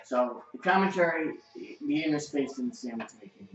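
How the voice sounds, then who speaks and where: A man's voice: a little high, lively intonation, normal speed. A man from outside New City, hosting a casual home cooking show and talking in a blunt, profane, chatty way. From outside New York City. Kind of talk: casual cooking demo with political rant. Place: home kitchen, indoors. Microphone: webcam. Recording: echoey, distant, muffled, faint music.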